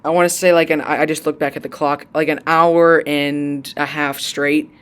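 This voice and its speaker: Excitable young man rambling a recap. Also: on the high side, normal speed, clear, resonant tone. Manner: excitable, rambling, many fillers. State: voice strained after long recording. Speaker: YouTuber discussing a cartoon series. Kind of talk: casual episode recap.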